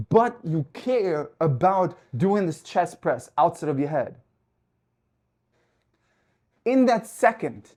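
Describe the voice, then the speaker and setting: A life coach delivers a fervent motivational talk between sets at the gym. The voice sits at a middle pitch, pushing hard on key points and swearing for emphasis. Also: a little mellow. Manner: talks while working out at the gym.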